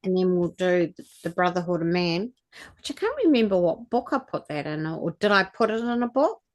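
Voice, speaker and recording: A woman's voice: lowish voice, expressive, brisk. A middle-aged woman, giving an earnest, rambling spiritual talk and guided activation as a channeller. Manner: earnest, rambling, restarts mid-thought.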